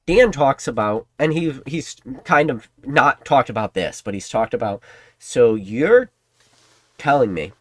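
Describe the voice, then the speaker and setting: Animated man ranting conspiratorially. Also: medium pitch, moderate pace, hardly any pauses, no room sound. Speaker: trading card channel host. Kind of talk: casual commentary to camera.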